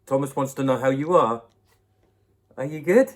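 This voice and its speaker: A man's voice: medium pitch, normal speed. A young man, host of his own channel, answering viewer questions in a playful, laugh-filled chat at home into a laptop mic. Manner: playful, laughs often, chats to a baby.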